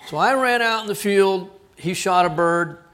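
A man from South Texas, preaching a sermon as a pastor, with an earnest delivery that drops to quiet emphasis on key words. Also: sits high, normal speed, a little hiss or hum.

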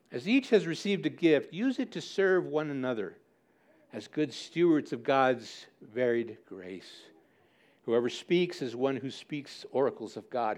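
Speaking at a medium pitch, a male pastor delivers a sermon, playing out the congregation's objections in mock indignation and hammering his points with repeated key words.

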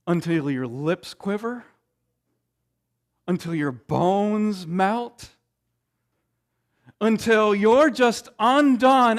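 A man preaching a sermon, emphatic, with dramatic pauses and frequent restarts. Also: high voice. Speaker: pastor.

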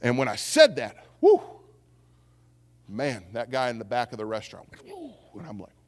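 A male pastor preaching a sermon, telling a story with lively acted-out voices. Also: mid-range voice, fast talker. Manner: animated storytelling, acts out voices. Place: church sanctuary. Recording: long reverb of a church hall.

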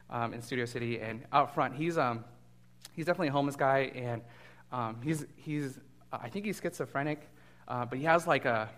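Male guest preacher, relaxed, conversational sermon delivery, lots of ums, mid pitch. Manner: casual and animated, with frequent fillers and restarts. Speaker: guest pastor.

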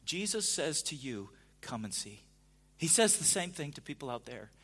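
A man preaching a sermon in a conversational way, dropping to a hush at times and rising to emphatic points. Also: a little high, very animated, normal speed, slightly rough. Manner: conversational, swings from hushed to emphatic. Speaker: pastor.

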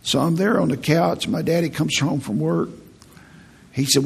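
A man preaching a sermon in a folksy, animated way, often repeating words as he goes. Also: a little high, normal speed, vocal fry, slightly rough. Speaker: pastor.

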